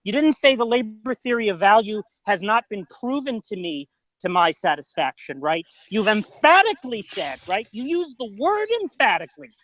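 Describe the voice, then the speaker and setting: Insistent man with a lively, swooping voice. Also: high voice, moderate pace, slight background noise, poor audio. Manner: insistent, interrogating, repeats "right?". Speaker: debater defending a theory. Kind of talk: heated online debate.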